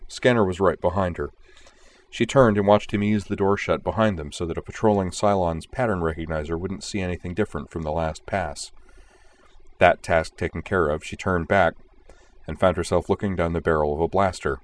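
Male narrator, very low voice, steady measured storytelling. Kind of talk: audiobook narration.

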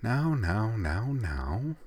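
A man voicing a gentle, motherly teenage girl who speaks in a soft, soothing way. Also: lowish voice, very animated, extremely slow, dry recording, full character voice.

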